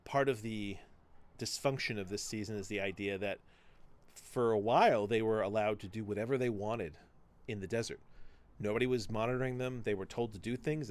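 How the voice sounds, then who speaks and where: A male podcast host chatting casually and retelling a TV story, acting out the dialogue and swearing freely. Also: on the low side. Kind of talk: casual chat, retelling a TV show.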